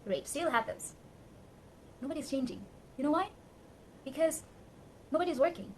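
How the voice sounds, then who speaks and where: A woman's voice: sits high, expressive, moderate pace, a little hiss or hum. Impassioned young Bangladeshi woman ranting. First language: Bengali. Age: young adult. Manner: impassioned, pleading, emphatic. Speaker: vlogger. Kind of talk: emotional rant to camera.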